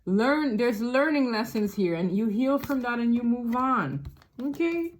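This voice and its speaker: A woman's voice: fairly high pitch, lively intonation, measured pace. Chatty woman giving a tarot reading. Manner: chatty, laughs often, rambles and restarts. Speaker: tarot reader. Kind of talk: casual tarot reading to camera.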